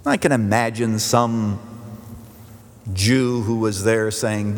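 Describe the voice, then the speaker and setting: A man preaching a sermon as pastor, emphatic and repetitive for force, dropping to a hush at key endings. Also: lowish voice, fairly even intonation, slow, long pauses, long reverb tail. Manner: emphatic, repeats phrases for force, drops to quiet at endings.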